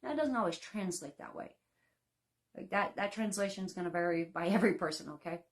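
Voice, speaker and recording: A woman's voice: lowish voice, a little fast. A woman in her thirties, a home baking instructor, talking casually and folksily to her class from home, with lots of fillers and laughs. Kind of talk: casual live-class talk.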